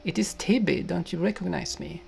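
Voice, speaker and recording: A man voicing a gleeful gravelly chipmunk. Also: high-pitched, a little mellow, faint music behind. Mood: emphatic. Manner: gleeful, brisk and emphatic. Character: cheeky laughing male chipmunk.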